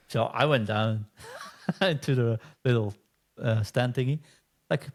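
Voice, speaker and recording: A man's voice: medium pitch, unhurried. A man from the Netherlands, a Dutch native speaker, co-hosting a podcast and telling stories in casual chat, acting out quoted exchanges. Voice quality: chatty storyteller, acts out quoted exchanges. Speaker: podcast co-host.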